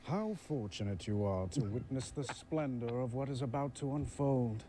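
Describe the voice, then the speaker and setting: A man's voice: medium pitch, animated, normal speed, warm tone, lightly acted. Brief: man doing a cruel vampire lord, grandiose and theatrical.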